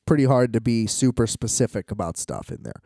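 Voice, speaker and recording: A man's voice: mid-range voice, expressive, fairly quick, gravelly, dark tone, no echo, clean studio sound. A tired man rambling in a solo vlog from a hotel room, exasperated, swearing and laughing often. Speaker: vlogger.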